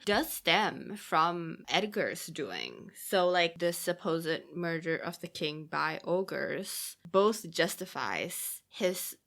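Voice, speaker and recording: Animated young woman with a low, lively voice. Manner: animated, laughs often, acts out quotes. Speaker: podcast co-host. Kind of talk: casual film discussion.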